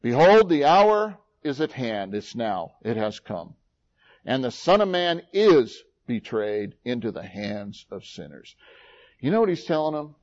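Dramatic preacher man, lively pitch. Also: measured pace, muffled recording. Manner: dramatic, swings between loud scripture reading and low quiet asides. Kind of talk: sermon.

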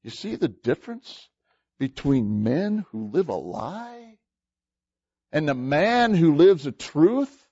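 A man's voice: fairly high pitch, very animated, slow, warm tone, slightly rough. A man preaching a sermon with emphatic rhetorical questions, often repeating words. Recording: dull lo-fi sermon recording.

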